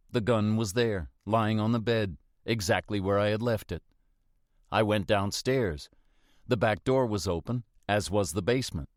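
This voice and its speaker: A man reads a first-person thriller with a tense, suspenseful delivery. His voice sits on the low side. The recording is dry and close. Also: no room sound. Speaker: audiobook narrator. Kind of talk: first-person scripted narration.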